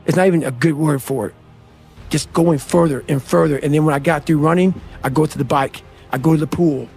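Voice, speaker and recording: A man's voice: fairly high pitch, steady tone, brisk, vocal fry, darkish tone, slightly rough. A middle-aged man from the United States giving blunt, profane motivational talk and calling listeners "man" and "bro". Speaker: motivational speaker. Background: faint music.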